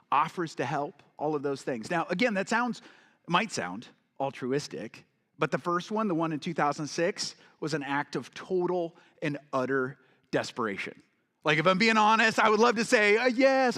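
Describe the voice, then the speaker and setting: A man giving a motivational keynote talk, telling a personal story to the audience and acting out the voices of the people in it. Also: fairly high pitch. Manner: storytelling, acts out quoted voices, addresses audience. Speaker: keynote speaker and coach. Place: large event hall with audience. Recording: long reverb of a large hall.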